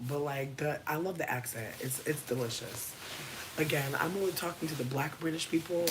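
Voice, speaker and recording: A streamer talks straight to their chat from home late at night, playful and theatrical, with plenty of swearing. The voice sits at a middle pitch and keeps slipping into hushed whispers. A steady hiss and clicks run under the home mic. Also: normal speed. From Connecticut, USA. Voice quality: expressive, swears freely, slips into whispers. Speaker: livestreamer. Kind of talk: casual livestream chat.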